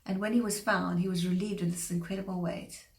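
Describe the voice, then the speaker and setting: A woman giving a short devotional sermon, earnest and measured, slowing down to stress scripture. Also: lowish voice, fairly even intonation. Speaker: preacher. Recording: echoey room.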